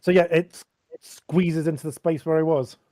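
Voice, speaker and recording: A man's voice: on the high side, steady tone, moderate pace, dark tone, no room sound, studio quality. A man playing a tabletop game, thinking aloud about his moves. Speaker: player. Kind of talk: casual tabletop play.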